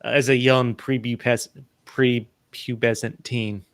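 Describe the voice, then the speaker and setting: A man's voice: mid-range voice, level tone, slow pace, no room sound. Rambling man in his thirties. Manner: rambling, full of restarts. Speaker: podcast co-host. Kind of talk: casual movie review chat.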